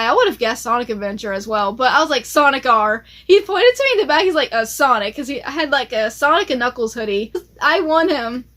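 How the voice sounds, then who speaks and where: A bubbly woman with a bright, high voice, talking through her collection in a loose, chatty way. She gets excited easily and keeps reaching for "like" and "uh" as she goes. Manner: chatty, excitable, lots of fillers. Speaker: collector vlogger. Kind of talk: casual show-and-tell chat.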